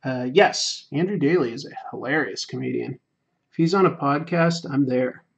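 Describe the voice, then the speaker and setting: Relaxed man chatting while he draws. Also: medium pitch, moderate pace, creaky, dull audio. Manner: relaxed, rambling, quiets down during detail work. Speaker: livestream host. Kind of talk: casual chat while drawing.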